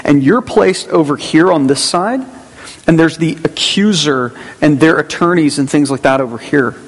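A man's voice: fairly high pitch, normal speed, breathy edge. A man preaching a Sunday sermon as pastor in a church, in a conversational way with asides and restarts. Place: church sanctuary. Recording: long hall reverb.

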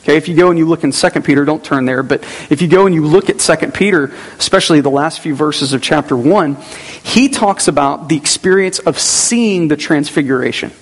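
A man's voice: on the high side, fairly quick, breathy edge. A man preaching a conversational sermon as pastor, with personal asides. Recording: long hall reverb.

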